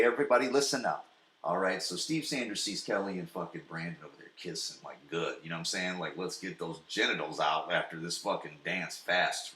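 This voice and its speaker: A man hosting a podcast, recapping a TV episode in a profane, excitable way that swings between loud and soft. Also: deep voice, roomy sound. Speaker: podcast host.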